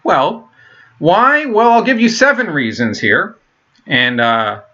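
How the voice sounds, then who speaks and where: A man in his thirties rambles bluntly through a casual monologue, stopping and restarting his sentences and swearing freely. His voice sits fairly high and bright. The sound is dull and lo-fi. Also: big pitch swings, slow pace. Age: 30s. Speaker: vlogger.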